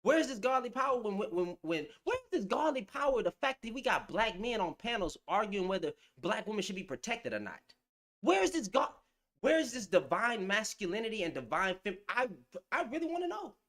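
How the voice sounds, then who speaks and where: A man's voice: sits high, big pitch swings, brisk, fairly bright tone. A man ranting to camera in blunt, slang-heavy commentary, calling people out. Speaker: vlogger.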